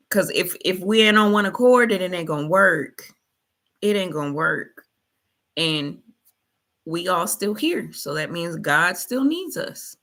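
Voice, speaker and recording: A woman's voice: fairly low pitch, lively intonation, a little slow, fairly bright tone. A woman hosting a motivational faith talk, colloquial, preachy and repetitive. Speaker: host.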